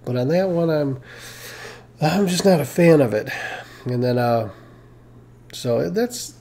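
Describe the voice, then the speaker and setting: A man's voice: on the high side, animated, slow, gravelly, mellow. A tired man chatting casually on a live stream, rambling with lots of fillers and restarts, joking about himself. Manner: self-mocking, laughs at own stories.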